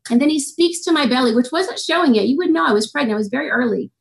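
Here is a woman in her forties who talks quickly and with a lot of life as she tells a story. Her voice sits a little high. She shifts her pitch to play the people she quotes, and she speaks as a guest in an interview. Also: lively intonation, gravelly. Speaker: guest author. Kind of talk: testimony in an interview.

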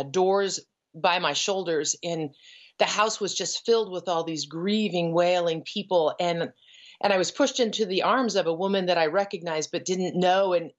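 A middle-aged woman giving an earnest, emotional personal testimony as a guest, pausing and restarting as she tells her story. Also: lowish voice. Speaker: guest, ranch founder. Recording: dull lo-fi audio.

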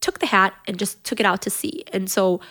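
A woman guest on a podcast, telling a personal family story in an emotional, animated way, with many fillers. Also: medium pitch, fairly quick.

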